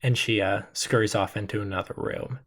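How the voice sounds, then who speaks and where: A man narrating a tabletop role-playing game as game master, in a relaxed, descriptive way with frequent fillers. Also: lowish voice, fairly quick.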